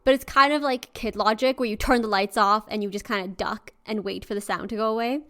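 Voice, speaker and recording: A woman co-hosting a podcast, reading a folktale aloud and chatting between passages in a lively way, laughing easily. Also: medium pitch, fairly quick. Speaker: podcast co-host and storyteller. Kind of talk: story reading and casual chat.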